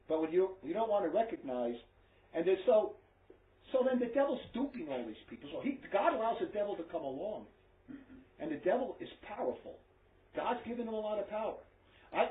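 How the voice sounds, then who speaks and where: A man preaching to a small group in a blunt, emphatic, scolding way. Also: sits high. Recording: echoey tinny phone-like recording.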